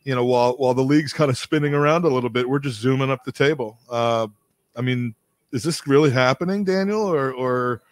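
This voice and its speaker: A male podcast host chats casually at a middling pitch, hesitant and full of fillers but friendly. The recording is dry and close, with no room sound. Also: a little fast, dry recording.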